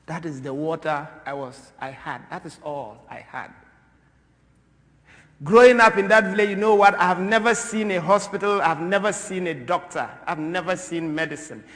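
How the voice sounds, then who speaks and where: A man's voice: on the high side, normal speed. Impassioned Ghanaian man in a church. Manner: animated, swings from loud to soft. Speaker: speaker at a church. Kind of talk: impassioned talk. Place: large church. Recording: long reverb of a large church.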